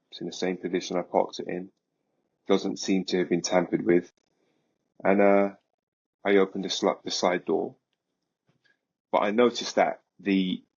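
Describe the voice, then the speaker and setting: A man, a podcast guest, recounting a story in a vivid, animated way. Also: deep voice, slightly rough, highs cut off. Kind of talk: casual storytelling.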